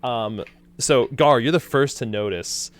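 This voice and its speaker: A man narrating as game master of a tabletop game in a relaxed way, with frequent fillers. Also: medium pitch, unhurried.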